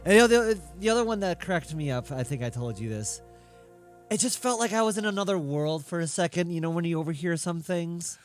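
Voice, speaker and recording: A man co-hosting a casual chat show, telling a story with restarts and quick laughs. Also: on the high side, soft background music. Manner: lively, stammering restarts. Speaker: podcast co-host.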